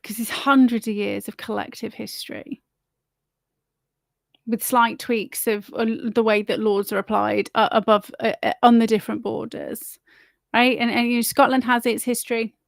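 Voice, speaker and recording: Gravelly woman ranting on stream. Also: a little high, little pitch movement, normal speed, dry recording, studio quality. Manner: rambling, blunt, swears freely. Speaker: livestream host. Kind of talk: casual opinionated monologue.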